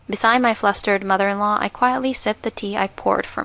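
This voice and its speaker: A woman giving a scripted first-person story narration in an even, measured way. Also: mid-range voice, creaky. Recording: faint music underneath.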